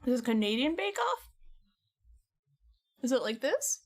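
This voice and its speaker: A woman streaming from home, talking casually to her viewers in a rambling way with plenty of laughter. Her voice sits a little high and swings widely up and down as she talks. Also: very animated, unhurried. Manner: chatty, rambling, laughs often.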